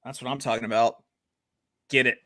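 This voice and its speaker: A man co-hosting a casual sports betting podcast, hyped and jokey, getting loud when he reads out names. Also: medium pitch, little pitch movement, a little fast. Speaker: podcast co-host.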